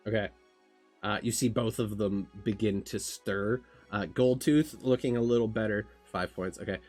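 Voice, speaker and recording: A man's voice: on the low side, moderate pace, darkish tone, faint music behind. A man running a tabletop game on a stream, casual and swearing as he narrates the action. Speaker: game master.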